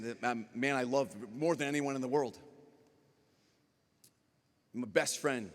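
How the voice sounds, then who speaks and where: A man, a priest speaking at a youth conference, giving a lively talk and acting out dialogue as he tells stories. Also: mid-range voice. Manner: animated storyteller acting out dialogue. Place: large conference hall. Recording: long hall reverb.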